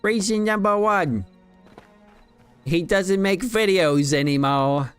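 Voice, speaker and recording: A man faking a British accent, mocking viewer, slow announcer drawl, raised pitch. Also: lively intonation, fairly bright tone, clean tone, faint music behind, heavily acted. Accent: put-on British.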